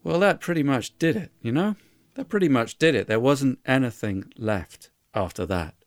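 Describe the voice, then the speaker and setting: A man's voice: medium pitch, no room sound, clean studio sound. A man telling a folk tale in an earnest, conversational way with folksy asides. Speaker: storyteller. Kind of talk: oral storytelling.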